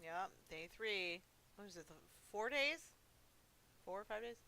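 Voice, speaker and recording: Woman streamer, casual gameplay commentary, slangy swearing asides, bright clear voice. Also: lowish voice, expressive, moderate pace, no echo, rough recording. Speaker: game streamer.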